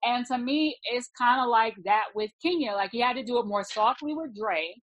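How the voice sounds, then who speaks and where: A woman's voice: on the high side, normal speed, fairly bright tone, rough recording. A woman in a casual podcast conversation, jumping in with direct, assertive opinions. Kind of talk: casual TV review chat.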